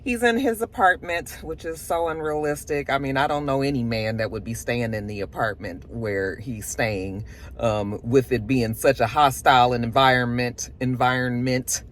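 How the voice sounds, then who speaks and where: A woman vlogger reviewing a TV episode in casual, chatty talk, animated and laughing often, recorded in a home studio. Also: very deep voice, normal speed, slight background noise. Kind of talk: casual chat.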